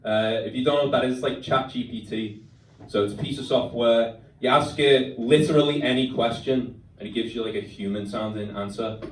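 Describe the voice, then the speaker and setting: A man's voice: medium pitch, a little fast. A young man with a Scouse accent performing stand-up, dry and self-deprecating, with many "uh" fillers. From Liverpool, England. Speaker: stand-up comedian. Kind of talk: stand-up set. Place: comedy club stage. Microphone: stage microphone. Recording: echoey club recording from a distance. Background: audience laughter.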